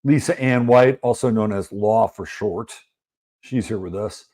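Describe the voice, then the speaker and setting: A man's voice: fairly low pitch, a little slow, warm tone. Chatty man greeting livestream viewers. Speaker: livestream host. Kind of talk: casual livestream chat.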